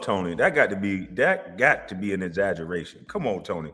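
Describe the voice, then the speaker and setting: Animated guy reacting to clips, kinda low voice, echoey hall sound. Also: a little fast, faint music behind. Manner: animated, laughing, swings from loud to muttered. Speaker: reaction video host. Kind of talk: casual reaction commentary.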